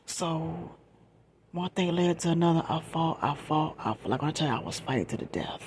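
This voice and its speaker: A woman telling a true story in a whispered storytime, moving between soft whispers and her normal voice and repeating phrases for emphasis. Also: low-pitched, moderate pace, a little hiss or hum.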